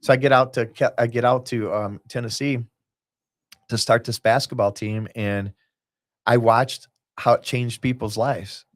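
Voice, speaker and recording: A man's voice: mid-range voice, steady tone, unhurried, dry recording. Rambling man telling stories. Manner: rambling storyteller, jumps between tangents, acts out quotes. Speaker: guest, basketball team owner. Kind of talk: casual podcast chat.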